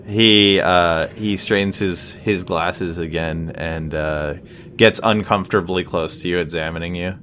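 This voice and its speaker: A man narrating as game master of a tabletop game, halting, with many fillers. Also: low-pitched, steady tone, a bit bright, a little hiss or hum.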